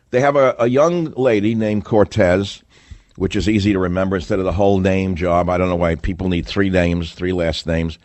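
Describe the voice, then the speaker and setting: Combative, sarcastic low-voiced man. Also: a little mellow, dry recording. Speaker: radio talk show host. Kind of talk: talk radio monologue.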